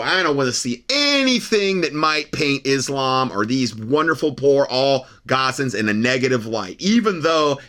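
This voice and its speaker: Man, commentary show host, emphatic and argumentative, repeats himself, lively swinging pitch. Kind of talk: monologue commentary.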